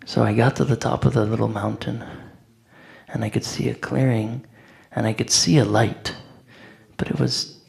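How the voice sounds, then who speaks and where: A man telling a personal story in a casual spiritual talk, animated and conversational, acting out other people's lines. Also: mid-range voice, moderate pace, gravelly. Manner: animated, acts out voices, conversational with "like". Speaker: devotee speaker.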